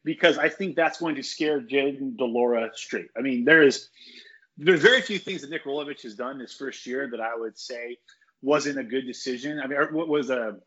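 A man's voice: medium pitch, normal speed, a bit bright, slightly rough, dull audio. A man giving his opinions on college football in a casual podcast chat. He rambles with restarts and strong takes.

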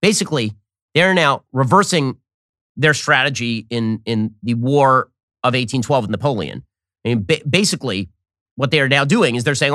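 A man hosting a political commentary show, talking in a fast, mocking, sarcastic way. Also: no echo, clean studio sound. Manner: mocking, rapid-fire, animated pitch swings.

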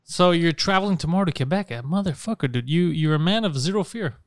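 A man's voice: on the high side, animated, fast, no room sound, clean studio sound. A man hosting a casual talk show, bantering bluntly with his friends, swearing freely and laughing often.

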